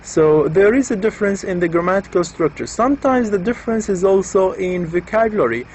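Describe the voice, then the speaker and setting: A man's voice: high voice, brisk, a little mellow, a little hiss or hum, poor audio. A man giving an explanatory lecture, patiently repeating and rephrasing each point with examples.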